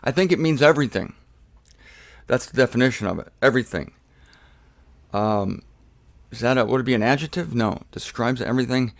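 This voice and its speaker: A man's voice: mid-range voice, brisk, creaky, long pauses. A man giving casual, playful commentary on a Bible verse, repeating words for emphasis. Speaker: Bible teacher. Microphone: camera in a laundry room.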